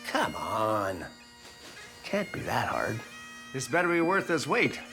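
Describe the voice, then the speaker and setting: A man's voice: medium pitch, wildly swooping pitch, slow pace. A man interviewed as a bagpiper, explaining history in an easy storytelling way. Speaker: bagpiper and guest. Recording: faint music behind.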